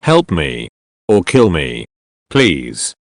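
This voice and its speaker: A man voicing a low, strained captor, broken and begging. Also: very animated, unhurried, dry recording, studio quality, heavily acted. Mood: pleading. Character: cruel grown male captor, broken and begging. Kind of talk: audiobook character voice.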